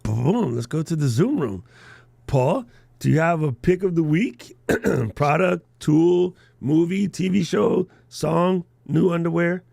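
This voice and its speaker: Gravelly-voiced male podcast coach. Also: a little high, slow pace, no echo. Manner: animated, joking, laughs often. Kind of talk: live workshop chat.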